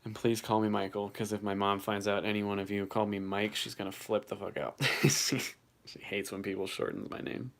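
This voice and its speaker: A man's voice: lowish voice, flat delivery, fairly quick. A young man hosting his first livestream, reading chat and reacting casually, swearing now and then, his voice shaking from the cold.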